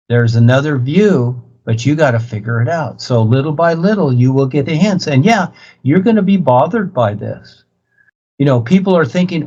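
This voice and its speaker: A man's voice: medium pitch, a little mellow. Brief: man, spiritual teacher type, lecturing over a dull video call, repeats himself, keeps pressing his point. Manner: insistent, repetitive, preachy. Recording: muffled video-call audio.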